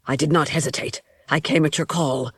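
A woman's voice: deep voice, steady tone, a little fast, breathy edge. A woman voicing a grieving male immortal in an audiobook, stiff and formal. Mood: grave. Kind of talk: audiobook character voice.

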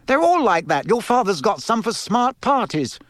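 A fussy, scolding storybook mother, put on by a male narrator, pitched well above his own voice. Her lines jump sharply up and down as she fusses and bosses. The sound is close and dry. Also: very animated, a little slow, dry recording. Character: fussy, bossy middle-aged mother.

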